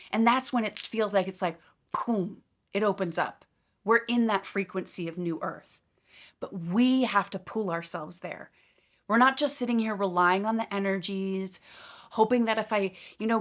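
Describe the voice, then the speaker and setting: A woman's voice: mid-range voice, a bit bright. A woman giving a casual, enthusiastic spiritual update, talking emphatically with fillers and light laughs.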